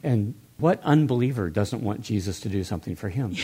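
A man's voice: lowish voice, lively intonation, fairly quick, warm tone, slightly rough. An older man talking earnestly in a church discussion, musing aloud with restarts.

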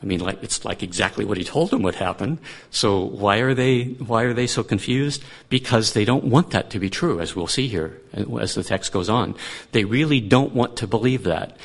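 A man's voice: lowish voice, moderate pace, creaky, slightly rough. A man teaching through a Bible passage in a conversational way, thinking aloud and restarting his sentences.

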